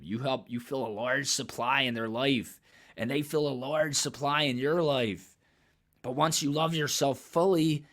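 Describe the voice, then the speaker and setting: A man's voice: medium pitch, a bit bright. A man hosting a reaction video, talking candidly and at length in a rambling, profane way and laughing often. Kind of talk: casual reaction commentary.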